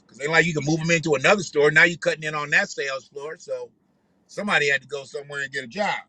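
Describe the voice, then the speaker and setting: A man's voice: fairly high pitch, steady tone, fast, pushed and bright, dry recording, low-quality recording. A man hosting a casual reaction commentary, joking and talking loosely with some profanity. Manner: laughing, joking, loose and profane street talk. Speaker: commentary vlog host.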